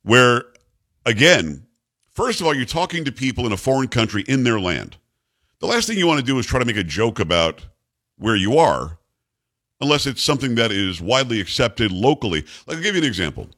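Animated, sarcastic male radio host. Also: mid-range voice, brisk. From United States. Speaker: radio talk show host. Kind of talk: opinionated talk radio chat.

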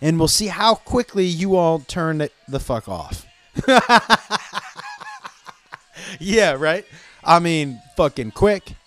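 Animated, profane male podcast host. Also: on the high side, slow pace, pauses often, soft background music. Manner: loose, profane, rambling riffs. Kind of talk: casual comedic monologue.

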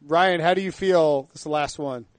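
A man's voice: a little high, moderate pace, no room sound. A man co-hosting a casual sports show, joking around and quizzing the others. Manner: jokey, asks the others questions. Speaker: sports podcast co-host.

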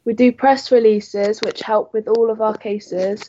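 A woman with a British accent, a podcast guest who gives brief, measured answers. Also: a little high, steady tone, mellow, a little hiss or hum. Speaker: guest relaying her father's answers. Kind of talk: interview answers. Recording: dull lo-fi sound.

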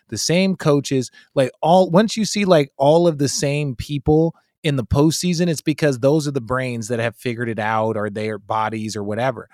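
A man's voice: medium pitch, dry recording, clean studio sound. Emphatic man in casual sports talk. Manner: animated, emphatic, swears freely.

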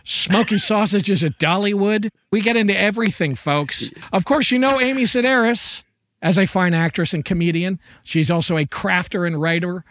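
A man's voice: high-pitched, moderate pace, a bit bright. A middle-aged man co-hosting a podcast in casual chat, playful and jokey with theatrical asides. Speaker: podcast co-host.

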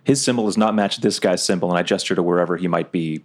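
A man's voice: deep voice, fast. A man playing a tabletop role-playing game, joking in and out of character. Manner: playful, jokes in and out of character. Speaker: player.

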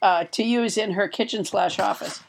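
A woman's voice: mid-range voice, normal speed, vocal fry, slight background noise. A woman hosting a comedy podcast, wry and playful, often stammering as she works toward a point. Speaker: podcast host. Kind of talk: casual comedic podcast banter.

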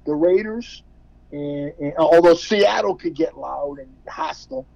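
Gravelly high-voiced excitable coach. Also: male voice, a little slow, no echo, muffled recording. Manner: excitable, repeats words, laughs often. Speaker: football coach, guest. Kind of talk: casual podcast interview.

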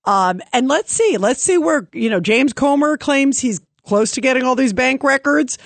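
A woman's voice: sits high, animated, normal speed, no room sound. A woman hosting a call-in talk radio show, chatty and opinionated, with many fillers.

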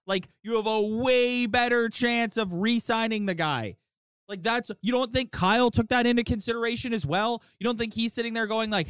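A man co-hosting a casual sports podcast. He rants in heated, quick bursts. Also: very high-pitched, lively intonation, fairly bright tone, smooth, dry recording, clean studio sound. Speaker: podcast co-host.

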